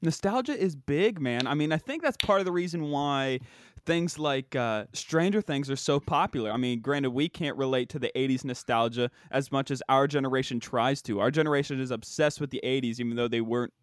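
A man's voice: mid-range voice, a little fast, dry recording, clean studio sound. A young man co-hosting a podcast in casual chat, laid-back, laughing often and calling people dude and bro. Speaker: podcast co-host.

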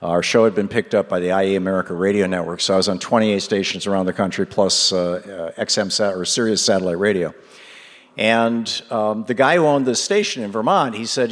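A middle-aged man, a radio host, telling a rambling, animated story with many fillers and laughs at a live event in a large hall. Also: lowish voice, fairly quick. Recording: long hall reverb.

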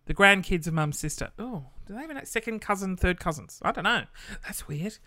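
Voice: mid-range voice, expressive, brisk, pushed and bright. A podcast host telling a casual story, chatty and loose, swearing freely and acting out the people in it.

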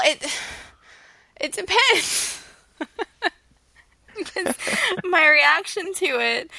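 A woman co-hosting a casual podcast chat, talking in an animated, emphatic way and laughing often. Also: fairly high pitch, creaky, no echo. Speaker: podcast co-host.

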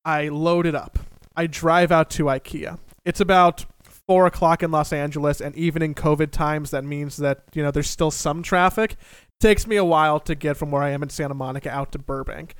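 Young man, casual comedic storytelling, slightly high voice, smooth and clear, dry close sound. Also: moderate pace, dry recording. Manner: animated, profane, self-mocking.

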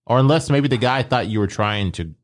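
A man's voice: medium pitch, animated, a little fast. A man in casual chat who teases his friend and asks skeptical questions. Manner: laid-back, teasing, asks skeptical questions.

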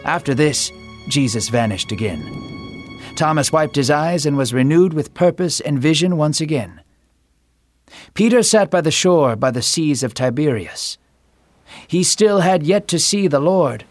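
A man narrating a scripted Bible story in a steady storytelling manner. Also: a little high, unhurried, soft background music.

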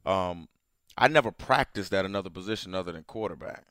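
A man with a smooth, resonant, fairly low voice talks in a casual, excitable podcast chat and rises in pitch and volume when worked up. He is close on a dry mic. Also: a little fast, dry recording. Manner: excitable, laughs loudly, gets louder and higher when worked up. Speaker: podcast co-host.

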